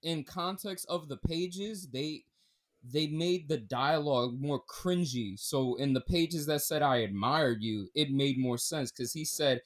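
A man co-hosting a casual podcast, talking in an animated, profane way that swings between loud bursts and mumbled asides. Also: a little high, a little slow. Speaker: podcast co-host.

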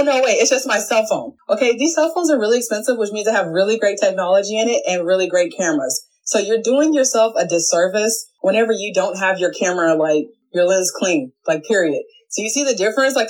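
A young adult woman talks straight into her phone camera from a home office, giving casual tips in a chatty, animated way. She jumps between quick asides and little playful voices, keeping it loose and friendly. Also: medium pitch, low-quality recording. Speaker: social media video coach.

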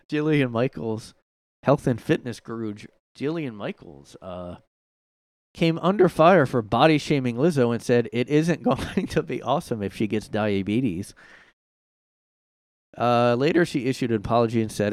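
A man's voice: mid-range voice, lively intonation, measured pace, no echo. A man hosting a solo podcast from his room, rambling sarcastically with lots of filler words. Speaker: podcast host. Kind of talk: casual solo commentary.

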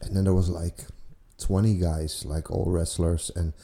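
A man's voice: low voice, level tone, measured pace, dark tone. A man in his forties, a guest telling stories casually and rambling with many fillers and restarts. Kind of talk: casual storytelling.

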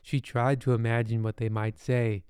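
Man, bedtime storyteller, deadpan, sardonic, rambling asides, smooth resonant voice. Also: medium pitch, normal speed, no room sound, studio quality. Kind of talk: comic bedtime story narration.

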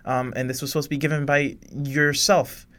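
A woman's voice: low voice, little pitch movement, fairly quick, pitched above the performer's own voice, close to an everyday voice. A man voicing a nervous female lab assistant who rambles, stammers and keeps apologizing. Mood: flustered.

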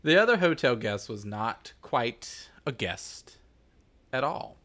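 Lively, bright-voiced male podcast storyteller. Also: mid-range voice, slow pace. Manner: jokey, laughs often, lively asides. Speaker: podcast co-host telling a true-crime story. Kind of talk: casual storytelling chat.

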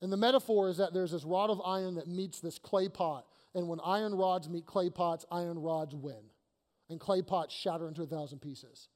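A pastor preaching an emphatic, energetic sermon to his congregation, repeating phrases for emphasis. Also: high voice, normal speed. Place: church sanctuary. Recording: long reverb of a church hall.

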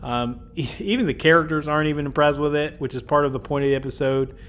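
A man's voice: a little high, fairly even intonation, fast, fairly bright tone. A young man hosting a podcast, chattily recapping episodes, laughing and slipping into silly character voices. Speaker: podcast host.

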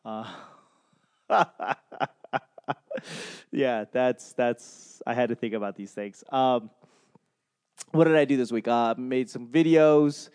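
A man's voice: mid-range voice, fairly even intonation, takes it slowly, long pauses, a little mellow, smooth. A man hosting a comedy podcast in a casual, rambling monologue, self-deprecating and swearing freely as he loses his train of thought. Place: home in Albuquerque.

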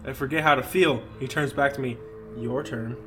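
A man's voice: medium pitch, fairly even intonation, quick pace, fairly bright tone, soft background music. A man co-hosting a podcast, reading a creepy story aloud and breaking off to laugh and joke. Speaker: podcast co-host.

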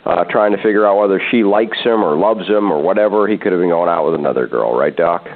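A man's voice: sits low, fast. A man co-hosting a radio advice show, casually setting up topics and agreeing along. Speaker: radio co-host. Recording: tinny phone line.

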